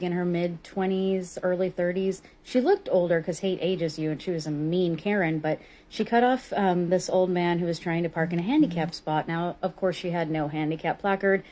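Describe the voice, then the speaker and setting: A woman's voice: fairly low pitch, warm tone. A woman vlogger telling a story in a blunt, profane, indignant casual rant.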